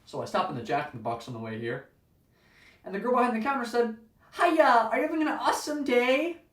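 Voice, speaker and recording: A man's voice: very high voice, lively intonation, a little fast, a bit bright. Man playing a weary, sardonic storyteller. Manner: dry, sardonic storytelling with mimicked voices. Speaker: theatre student performing a monologue. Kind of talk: stage monologue. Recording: roomy echo, mic far off.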